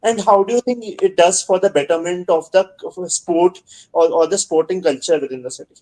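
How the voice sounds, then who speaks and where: A man hosting a podcast, chatty and easygoing, laughing easily and pausing often on "uh". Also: sits high, a little mellow, poor audio. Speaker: podcast host. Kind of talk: casual podcast chat.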